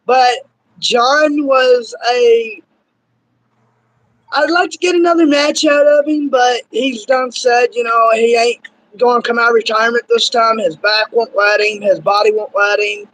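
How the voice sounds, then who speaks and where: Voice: mid-range voice, fairly even intonation, unhurried, fairly bright tone, low-quality recording. A young interviewer in their twenties, rambling eagerly as a fan of the guest in casual chat. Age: 20s.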